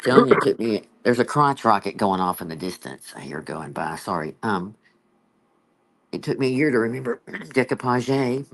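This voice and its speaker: A male host with a lowish voice keeps a relaxed, friendly chat going. He clears his throat often between remarks. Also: moderate pace. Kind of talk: casual chat.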